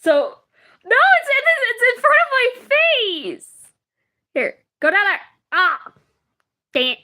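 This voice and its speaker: A woman's voice: extremely high pitch, very animated, slow, bright, forceful tone. A young woman streaming live, chatting casually and rambling, often laughing. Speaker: livestreamer. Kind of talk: casual livestream chat.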